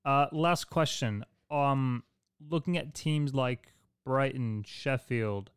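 Man co-hosting a smooth, dry football chat. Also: medium pitch, slow, no echo. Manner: leads the segments, hesitant restarts. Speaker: podcast co-host.

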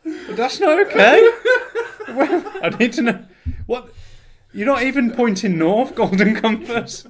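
A man with a high voice banters with friends over a game, swearing and laughing as he talks. Crowd chatter runs behind him. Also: animated, unhurried. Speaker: gamer. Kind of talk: casual chat while gaming.

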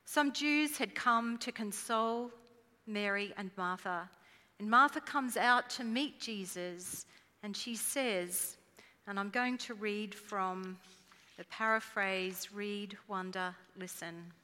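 A woman preaching a sermon in an earnest, measured way, dropping her voice at solemn lines. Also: medium pitch, sharp tone, big-room sound.

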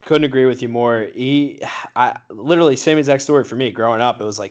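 A young man co-hosting a casual sports talk show, relaxed and quick to agree. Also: mid-range voice. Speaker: sports podcast co-host.

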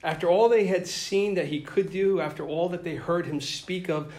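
A man's voice: fairly high pitch, moderate pace, a little mellow, reverberant. A man reading a gospel passage aloud and then preaching an earnest, reflective homily. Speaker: priest or deacon.

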